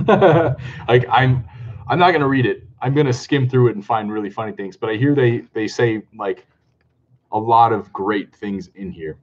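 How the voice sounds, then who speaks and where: A man chatting casually on a live stream, excitable and talkative, greeting viewers and laughing often. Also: medium pitch, normal speed, lo-fi sound. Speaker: comic book vlogger hosting a live stream.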